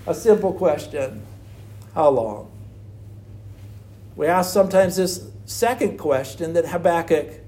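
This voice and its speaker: A man's voice: a little high, darkish tone. A man preaching an earnest sermon on struggling faith, full of rhetorical questions. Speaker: pastor.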